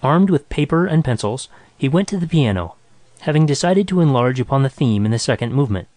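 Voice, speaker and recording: A man narrating a short story in a measured, even reading. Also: medium pitch, dry recording.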